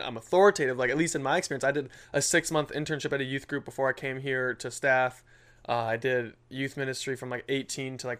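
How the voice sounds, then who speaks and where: A young man in his twenties, co-hosting a casual faith podcast, chatting and telling animated stories with many fillers. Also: medium pitch, clear, resonant tone. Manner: animated storytelling with lots of filler. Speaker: podcast co-host. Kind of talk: casual chat.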